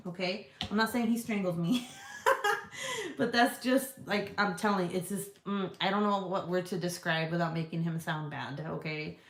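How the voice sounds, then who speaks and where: Woman vlogger, low-ish voice, blunt and cussing, laughs a lot, roomy echo. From United States. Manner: frank and profane, quick to laugh. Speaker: vlogger answering viewer comments. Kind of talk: casual chat. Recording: echoey room.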